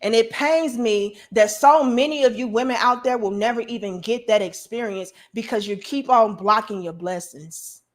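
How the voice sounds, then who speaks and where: A woman's voice: fairly high pitch, moderate pace, hardly any pauses. A woman, hosting an emphatic, preachy opinion monologue. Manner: emphatic, preachy, acts out quoted voices. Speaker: commentary show host.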